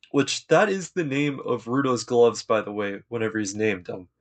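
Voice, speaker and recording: A man talks through an anime episode in a relaxed, chatty way. He drops slang and retells each scene with easy enthusiasm, in a voice of ordinary middle pitch. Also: normal speed, hardly any pauses. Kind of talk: casual episode recap.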